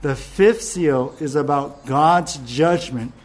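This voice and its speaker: A man's voice: a little high, takes it slowly. A man preaching a sermon, fervent and emphatic, often restarting his words as he presses his point. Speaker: pastor.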